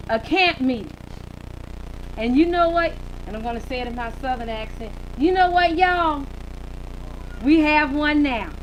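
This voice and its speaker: A woman moderating a panel, chatty and lively, with some fillers. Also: on the high side, slight background noise, low-quality recording.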